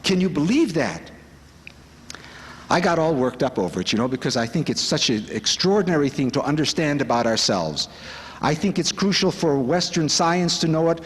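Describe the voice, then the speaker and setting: A man giving an inspirational spiritual talk at a retreat, fervent and exclamatory, full of rhetorical questions. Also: high voice. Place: large conference hall. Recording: long hall reverb.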